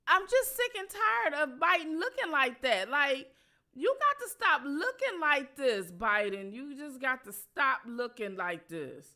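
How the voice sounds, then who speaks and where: A woman's voice: sits high, big pitch swings, measured pace, bright, forceful tone. A woman hosting her own channel, giving casual political commentary in a profane, repetitive, emphatic way. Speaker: channel host.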